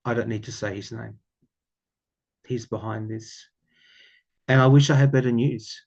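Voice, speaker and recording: A man with an Australian accent giving a casual tarot reading, musing aloud and often repeating his phrases with ums and soft laughs. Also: mid-range voice, fairly even intonation, unhurried, gravelly, lo-fi sound. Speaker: tarot reader.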